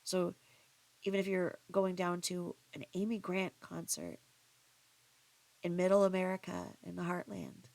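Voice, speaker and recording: A woman's voice: lowish voice, steady tone, a little slow, gravelly, long pauses, darkish tone, no echo. A woman vlogger telling a story in a chatty, rambling way, full of asides and restarts. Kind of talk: casual storytelling monologue.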